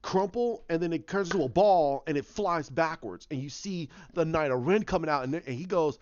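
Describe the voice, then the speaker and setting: A man's voice: fairly high pitch, normal speed, hardly any pauses, a little mellow, dry recording, muffled recording. A man casually retelling a story idea as a video creator, rambling with frequent restarts and repeated words.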